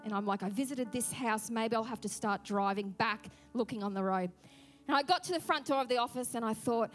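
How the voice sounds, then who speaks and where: A woman pastor preaching a sermon, telling a personal story in an animated way and acting out her own thoughts. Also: a little high, moderate pace, soft background music.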